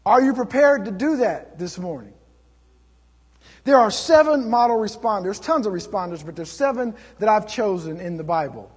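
A man preaching a sermon as a pastor, telling stories in an animated way and acting out the voices in them. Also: high-pitched, husky, in a large hall. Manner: animated storytelling, acts out voices.

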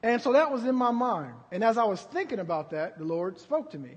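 A pastor preaching a sermon, moving from quiet storytelling to loud, drawn-out preaching. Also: male voice, extremely high pitch, big pitch swings, long reverb tail.

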